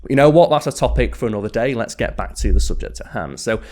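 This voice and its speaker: A man's voice: lowish voice, darkish tone. Man narrating a history documentary, wry. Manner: dry, wry asides between measured narration. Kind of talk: scripted history narration with asides.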